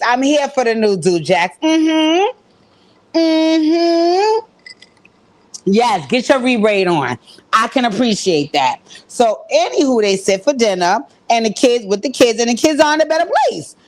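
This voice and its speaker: A woman recapping a TV episode in a casual, animated way, full of profane slang. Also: fairly high pitch, moderate pace. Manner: acts out quoted lines in shifting voices.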